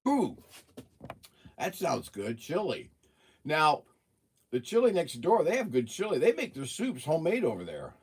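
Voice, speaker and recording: A man's voice: fairly high pitch, huge pitch swings, normal speed, husky. A man hosting a casual livestream, chatting with viewers while eating and talking with his mouth full. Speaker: livestream host.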